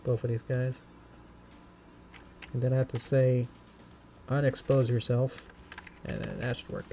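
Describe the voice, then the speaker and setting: A man streaming as he animates, chatting casually with viewers in a rambling, hesitant way, humming softly between comments. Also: medium pitch, huge pitch swings, normal speed, vocal fry, slight background noise. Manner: rambling, hesitant, many fillers and soft humming. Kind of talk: casual live-stream chat.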